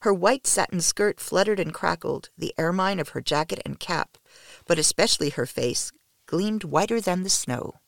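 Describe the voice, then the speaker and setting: An audiobook narrator reading a first-person novel in a measured, expressive way, dropping low at the ends of sentences. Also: gravelly, no echo, clean studio sound.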